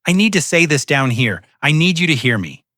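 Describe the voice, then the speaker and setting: A remorseful grown daughter pleading through tears, as a male narrator reads her lines. The tone is bright and forceful, in a dry, close recording. This is a storybook reading. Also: a little high, very animated, brisk, no room sound. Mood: tearful. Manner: tearful, pleading. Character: remorseful adult daughter, woman.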